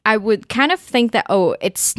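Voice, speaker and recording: A young woman speaks with a softened East Midlands English accent, casual and hesitant, often restarting her sentences. Her voice is mid-pitched. The sound is dry and close. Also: lively intonation, moderate pace, no echo. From England. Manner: hesitant, many ums and restarts. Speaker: podcast guest, journalist. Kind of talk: casual interview chat.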